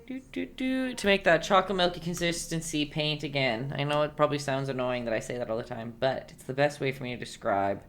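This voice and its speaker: A woman's voice: very deep voice, fast talker, hardly any pauses, slight background noise. A woman leading a live-streamed painting lesson, chatty and encouraging, humming to herself as she works. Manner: chatty and encouraging, hums while working. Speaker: painting instructor.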